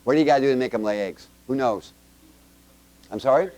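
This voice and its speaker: A man giving an informal Bible teaching to a congregation with children, firing quick questions at them in a chatty, joking way with homespun examples. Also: medium pitch, a little mellow, no echo. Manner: quizzes the audience with quick questions.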